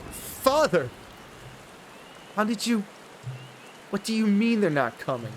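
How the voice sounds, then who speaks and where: A man doing a defiant young noblewoman in falsetto. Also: very animated, slow, slight background noise, exaggerated voice. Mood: shocked. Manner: raised falsetto, pleading then defiant.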